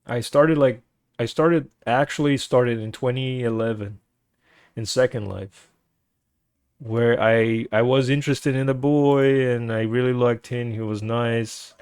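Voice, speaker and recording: A man from Brazil with a Brazilian Portuguese accent, whose first language is Portuguese, chatting casually and haltingly with his stream viewers. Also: medium pitch, fairly even intonation, darkish tone, smooth, dry recording, clean studio sound. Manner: rambling and hesitant, full of restarts and "like".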